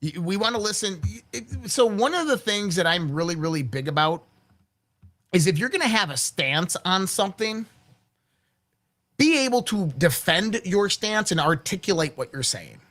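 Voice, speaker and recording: A man's voice: high-pitched, animated, moderate pace, fairly bright tone. A man hosting a casual political commentary show, talking bluntly with crass language and stumbling restarts. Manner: blunt and crass, often curses and repeats words when restarting. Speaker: host of a daily commentary show.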